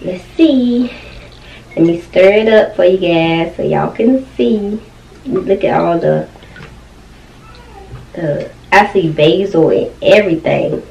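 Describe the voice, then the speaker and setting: A woman's voice: lowish voice, creaky, a little mellow, recorded from a distance, muffled recording, a little hiss or hum. A young woman chatting casually and eating on camera at home, with lots of appreciative "mm"s as she tastes. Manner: chatty, eating on mic with frequent "mm"s. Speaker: mukbang vlogger. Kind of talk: casual food review while eating. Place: at home with her kids nearby. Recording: roomy, off-mic home recording.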